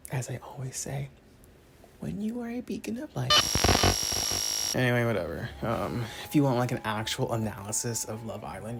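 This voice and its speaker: A young adult man, a commentary vlogger, rants his way through casual pop-culture commentary in a lowish voice with vocal fry. He's theatrical and profane, swinging between muttered asides and loud outbursts.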